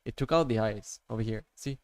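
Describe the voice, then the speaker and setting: A man's voice: lowish voice, brisk, no room sound. Rambling casual man explaining trades. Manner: rambling, full of "like" and "right?", talking to viewers. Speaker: amateur trader showing his charts. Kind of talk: casual screen-share tutorial.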